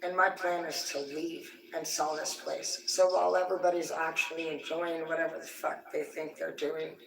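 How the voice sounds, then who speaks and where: A woman's voice: sits low, flat delivery, normal speed, vocal fry, slight background noise. A woman on a livestream, ranting in a heated, vulgar, rambling way. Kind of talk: profane angry rant on a livestream. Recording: echoey room, distant from the mic.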